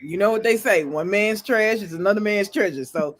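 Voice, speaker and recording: A man's voice: high-pitched, brisk, fairly bright tone. A man on a podcast panel, playful and blunt, swearing freely in casual banter. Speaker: panel regular.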